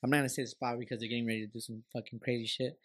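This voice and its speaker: A man's voice: mid-range voice, flat delivery, racing, breathy edge. Rambling, slangy podcast host man. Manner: rambling, slangy, profane storytelling. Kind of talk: casual podcast chat. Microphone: studio mic.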